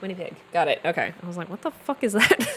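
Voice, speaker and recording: A woman's voice: on the low side, big pitch swings, a little fast, poor audio. Chatty, cursing woman streamer. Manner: chatty, swears, reads notes aloud stumbling. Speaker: streamer playing a game. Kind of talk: casual gameplay commentary. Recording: live stream with faint room noise.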